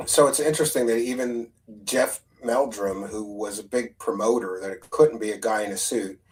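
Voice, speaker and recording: A man's voice: fairly low pitch, moderate pace, low-quality recording. A man co-hosting a live-stream podcast, making chatty asides and thanking viewers in the chat. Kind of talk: casual chat, live-stream shout-outs.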